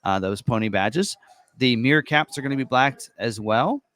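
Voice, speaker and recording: A man giving a casual, unscripted walkthrough of an online configurator, chatty and full of ums and quick self-corrections. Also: mid-range voice, a bit bright. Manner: casual and chatty, many ums and uhs, corrects himself on the fly. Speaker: car presenter walking through an online configurator.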